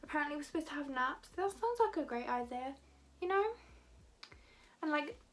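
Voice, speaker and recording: Chatty high-voiced woman vlogger. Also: lively intonation, normal speed. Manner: rambling, chatty, many "like" fillers. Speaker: beauty vlogger. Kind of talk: casual chat to camera.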